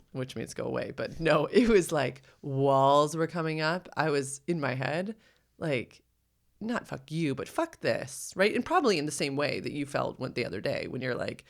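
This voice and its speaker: A woman with a low, gravelly voice co-hosts a podcast in casual, heartfelt conversation. She talks earnestly and reflectively. She often acts out her own quoted thoughts. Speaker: podcast co-host.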